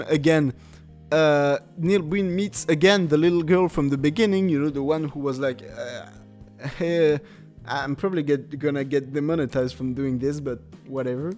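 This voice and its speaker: A male podcast host with a slightly higher voice rambles through a comedic review of a bad film. He laughs often and leans on filler words. Faint music sits underneath. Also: a little mellow.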